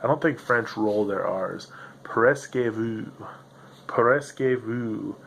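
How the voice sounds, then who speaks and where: A man's voice: lowish voice, takes it slowly, gravelly, fairly bright tone, a little hiss or hum. A man hosting a rambling solo podcast, loose and profane, who laughs often as he talks. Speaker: podcast host. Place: home room with a noisy computer. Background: grinding computer fan.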